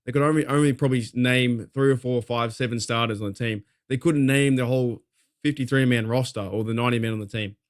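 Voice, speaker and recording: An Australian man hosting a fan talk show at a mid-range pitch. He vents in a fired-up, rambling way and swears freely, circling back over his points. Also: fairly even intonation, quick pace. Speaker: podcast host. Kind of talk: casual fan commentary.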